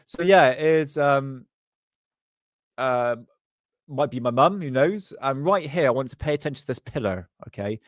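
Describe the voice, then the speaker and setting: A man's voice: mid-range voice, animated, a little slow, no room sound. Man, live stream host, jokey and rambling, laughs a lot, dry sound. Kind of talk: casual live stream chat. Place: at his desk.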